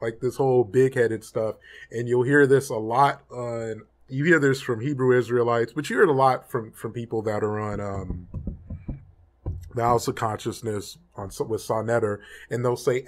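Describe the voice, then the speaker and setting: A man's voice: mid-range voice, normal speed. A man hosting his own channel, talking casually straight to the camera in a rambling, self-correcting reaction commentary that turns emphatic. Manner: gets heated and emphatic, swears. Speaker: channel host.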